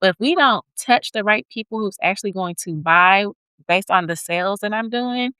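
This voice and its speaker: A woman's voice: medium pitch, normal speed, pushed and bright, smooth, no room sound, rough recording. A woman hosting a podcast interview who builds her points in lists and checks in with her listener as she goes. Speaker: podcast host. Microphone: podcast studio mic.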